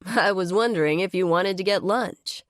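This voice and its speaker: A woman's voice: medium pitch, moderate pace, dry recording, studio quality, natural voice. Woman voicing an eager, apologetic young man. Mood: apologetic friendly.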